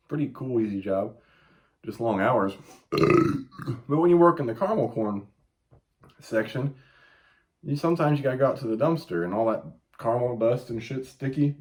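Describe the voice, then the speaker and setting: A man's voice: mid-range voice, moderate pace, pauses often. A man in his late thirties hosting a casual chat, telling stories with lots of swearing and yelped quotes. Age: 30s. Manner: profane, animated storytelling with yelped quotes. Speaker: podcast host.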